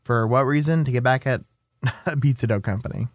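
A man's voice: mid-range voice, brisk, no echo. Young male co-host, playful casual chatter, mid-range voice, dry studio mic. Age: young adult. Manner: playful, reads out news items. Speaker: podcast co-host. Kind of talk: casual chat.

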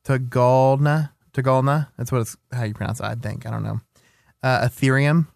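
A man's voice: mid-range voice, brisk, vocal fry, dry recording. Young man co-hosting, dry close sound. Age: young adult. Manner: playful, reads out news items. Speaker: podcast co-host. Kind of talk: casual chat.

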